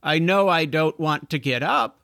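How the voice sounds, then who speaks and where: Man voicing a grumpy, dismissive old woman shopkeeper in a storybook; high, bright. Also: animated, measured pace, vocal fry, dry recording, studio quality, heavily acted.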